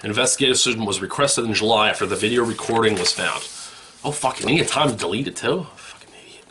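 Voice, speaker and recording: A man's voice: fairly low pitch, fast talker, background noise. A man hosting a parody news show, reading stories and breaking into profane, mocking rants.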